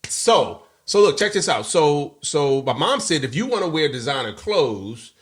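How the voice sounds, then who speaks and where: A man's voice: on the high side, very animated, unhurried. A man co-hosting a podcast, telling a personal story in casual chat and acting out the voices of people he quotes. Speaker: podcast co-host.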